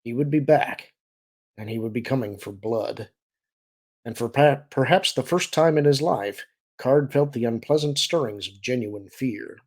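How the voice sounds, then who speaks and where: A man with a mid-range voice narrates an audiobook, reading a novel aloud at a steady, measured storytelling pace.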